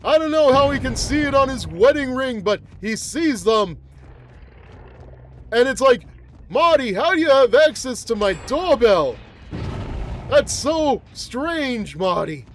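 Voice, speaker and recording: Man putting on a creaky-pitched, slow, grumbling old monster who rambles and complains about everything. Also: big pitch swings, a little hiss or hum, exaggerated voice. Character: cranky rambling old man, a mutated flower-headed monster. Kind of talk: gameplay roleplay commentary.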